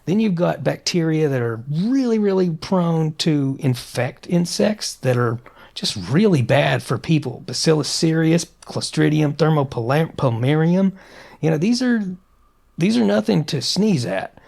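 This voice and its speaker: A man talks on a casual podcast in an animated, opinionated manner, often stopping to restart his sentences. His voice sits fairly high for a man and has a gravelly, fry-laden edge. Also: unhurried. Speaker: podcast co-host.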